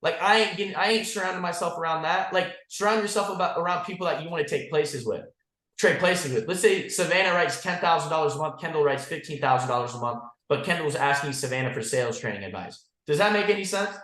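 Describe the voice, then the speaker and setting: Man, agency leader on a team call, blunt and profane, constant "like" and "guys", somewhat high voice, echoey room. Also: lively intonation, quick pace, a bit bright. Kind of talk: motivational team call talk.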